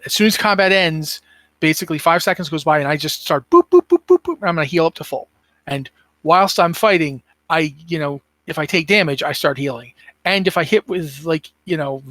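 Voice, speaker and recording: A tired man chatting on a podcast, his voice sitting a touch high for a man. He rambles and thinks aloud, filling pauses with ums and uhs. The sound is dry and close, with no room around it. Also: fairly bright tone, dry recording. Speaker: podcast co-host. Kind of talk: casual gaming podcast chat.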